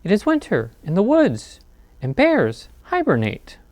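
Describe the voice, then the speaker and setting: A man doing a squeaky fretful mouse. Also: wildly swooping pitch, unhurried, darkish tone, no room sound, exaggerated voice. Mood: worried. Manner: squeaky high voice. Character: fretful little male mouse.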